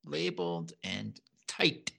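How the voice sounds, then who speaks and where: A man co-hosting a podcast who chats and reacts quickly and laughs often. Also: lowish voice, very animated, gravelly, bright, forceful tone. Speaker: podcast co-host. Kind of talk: casual chat.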